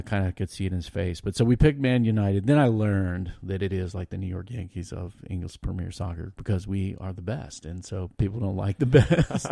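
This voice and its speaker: A middle-aged man on a podcast telling a story in an animated, laughing way, often stopping and starting again. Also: on the low side, gravelly, no room sound, studio quality. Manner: animated, laughing, trails off and restarts. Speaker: podcast guest. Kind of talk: casual storytelling chat.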